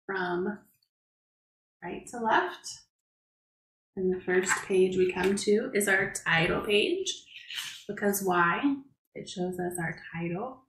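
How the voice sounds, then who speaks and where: A woman preschool teacher reading a picture book aloud to young children, gently explaining words and asking them questions. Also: medium pitch, echoey room, rough recording.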